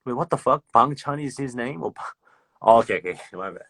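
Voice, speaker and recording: A man's voice: medium pitch, lively intonation, a little fast, gravelly, a bit bright, slightly rough, no room sound. A man with an Australian accent chatting casually with fans on a livestream, swearing freely, laughing and repeating himself as he talks. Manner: loose and profane, laughing, repeats words. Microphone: phone.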